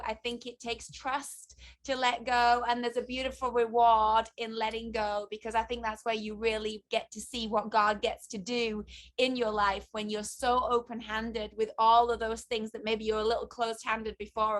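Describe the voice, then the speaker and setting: A woman's voice: a little high, flat delivery, moderate pace. A woman in her forties, a guest on a radio interview, speaking reflectively and repeating key phrases.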